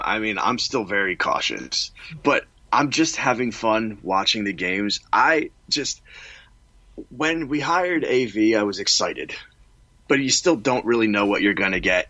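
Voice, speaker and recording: A man's voice: lowish voice, animated, a little slow, sharp tone, no echo, dull audio. A man co-hosting a casual sports podcast, enthusiastic and self-deprecating.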